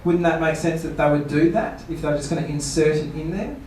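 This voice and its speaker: Echoey pastor, distant mic. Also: male voice, a little high, a little fast, darkish tone, a little hiss or hum. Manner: rhetorical questions, playful mock quotes. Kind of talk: seminar talk. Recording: echoey room, voice from far off.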